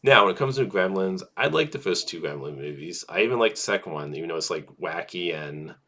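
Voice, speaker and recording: A man's voice: sits low, lively intonation, fairly quick, bright, forceful tone. A man casually talking through film news as a vlogger, rambling with lots of filler words and restarts.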